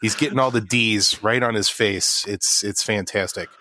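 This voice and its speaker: Man, casual show host, rambling and self-mocking, lowish voice, dry close sound. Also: normal speed, pushed and bright, no room sound. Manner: rambling, self-deprecating, stumbles and restarts. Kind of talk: casual tech show chat. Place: studio.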